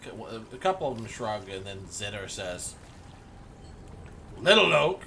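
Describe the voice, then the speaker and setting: A man narrating as game master in a tabletop game, unhurried, giggling, with halting fillers. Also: on the low side, a little hiss or hum.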